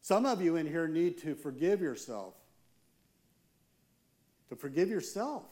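A man, a church elder, preaching a sermon with earnest, slow, emphatic pauses. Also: fairly high pitch, very animated, mellow.

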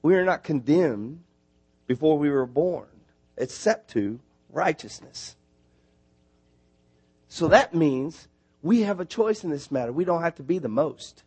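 A man preaching a sermon, animated and building to emphatic near shouts on his points. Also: fairly high pitch, unhurried, pauses often, husky. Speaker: missionary preacher. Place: church.

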